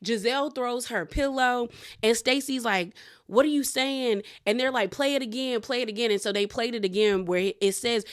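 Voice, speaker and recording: A woman's voice: a little high, normal speed. A young woman recapping a reality show in casual commentary, acting out quotes of the cast members.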